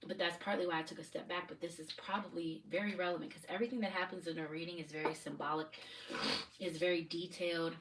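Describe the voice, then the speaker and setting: Woman tarot reader, rambling and spiritual, low-ish voice, recorded from a distance at home. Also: steady tone, quick pace. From United States, Maryland area. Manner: rambling, spiritual, addresses viewers directly. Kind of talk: live tarot reading chat. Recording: distant mic with faint noise.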